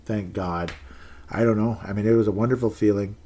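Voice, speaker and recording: An exasperated man talks sports on his own show, rambling from one complaint to the next. His voice sits fairly low, and he breaks into sarcastic mock-cheer before sinking back into grumbling. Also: fairly even intonation, brisk, warm tone. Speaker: sports podcast host. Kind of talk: ranting solo commentary.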